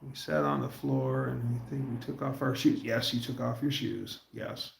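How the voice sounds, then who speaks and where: Gravelly rambling man in an echoey room. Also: mid-range voice, fairly even intonation. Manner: rambling, storytelling, puts on quick voices for quotes. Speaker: livestream host. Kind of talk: casual rambling chat.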